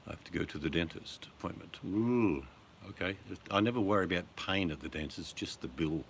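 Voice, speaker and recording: Gravelly-voiced Australian man chatting. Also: low-pitched, brisk, a little hiss or hum. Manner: joking, chatty, breaks into song. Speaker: livestream host. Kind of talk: casual chat with viewers.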